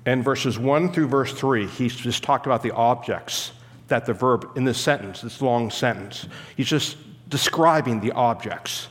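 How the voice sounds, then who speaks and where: Male pastor, mid-pitched, emphatic teaching sermon, long hall reverb. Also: measured pace, fairly bright tone. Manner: teaching, emphatic, stops to explain Greek grammar. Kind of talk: expository sermon.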